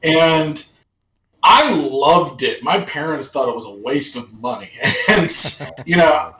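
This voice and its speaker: A man's voice: fairly high pitch, animated, takes it slowly, bright, forceful tone. Man laughing through rambling chat, echoey. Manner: rambling, laughs often while talking. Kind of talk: casual chat. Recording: echoey room, mic far off.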